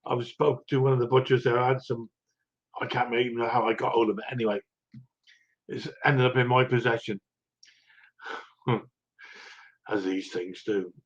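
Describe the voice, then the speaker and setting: A man's voice: mid-range voice, steady tone, normal speed, pauses often, dull audio. An older man hosting a livestream, greeting viewers one by one in rambling, self-mocking casual chat with frequent chuckles. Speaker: livestream host.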